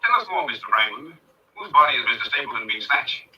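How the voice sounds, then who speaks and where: An actor playing a frank, friendly young heir to a country estate, in 1930s film acting. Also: male voice, mid-range voice, very animated, fast talker, pushed and bright, slightly rough, heavily acted, low-quality recording.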